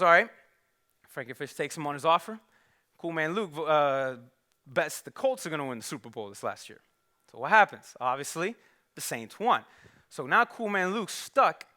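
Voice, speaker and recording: A male pastor tells a modern parable in a loose, conversational style, jumping into the characters' voices. His voice is high for a man, bright and forceful, and it carries well. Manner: animated, conversational, acts out characters. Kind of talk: storytelling sermon. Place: church.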